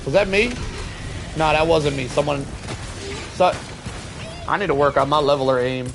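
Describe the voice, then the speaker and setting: A young man streaming a co-op shooter, joking with his chat and now and then bursting into shouts. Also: a little high, moderate pace, gravelly, noisy background. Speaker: game streamer. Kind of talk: casual gaming stream chat.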